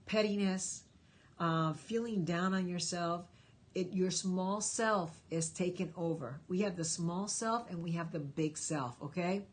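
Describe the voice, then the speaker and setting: Husky-voiced woman giving emphatic pep talks. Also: fairly low pitch, a little slow. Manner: encouraging, emphatic life-coaching. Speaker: host answering viewer questions. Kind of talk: live stream Q&A, reading chat.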